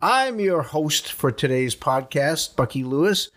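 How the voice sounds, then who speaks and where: A man's voice: on the high side, lively intonation, a little slow, a bit bright. A man from New Hampshire with a New England accent, hosting a podcast in a wry, joking, folksy monologue. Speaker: podcast host.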